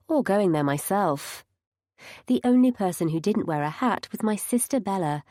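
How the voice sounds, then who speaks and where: A woman's voice: fairly low pitch, mellow, no room sound. A woman narrating a first-person audiobook with wry, dry humour.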